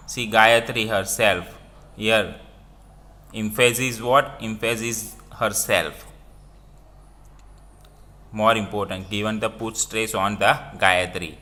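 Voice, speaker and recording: Bright-voiced Indian English teacher, slow. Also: male voice, on the low side. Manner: repeats points, quizzes listeners with "what?". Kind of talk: classroom grammar lesson.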